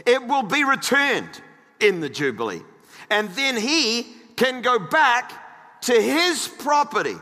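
A man's voice: very high voice, sing-song, takes it slowly, pushed and bright, long reverb tail. A man preaching a sermon as pastor, joking with the congregation and reading scripture aloud.

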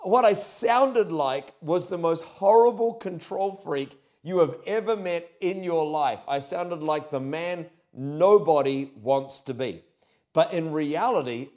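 A young man preaching a sermon, telling stories loudly and with energy. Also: a little high. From New Zealand. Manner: loud, animated storytelling with sudden shouts. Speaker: pastor.

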